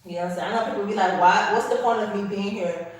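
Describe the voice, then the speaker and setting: Speaking quickly in a mid-range voice, a woman leads a stretching session on livestream, sassy and chatty as she addresses viewers directly, a little out of breath. The mic is distant, so her voice is off-mic and the room very echoey.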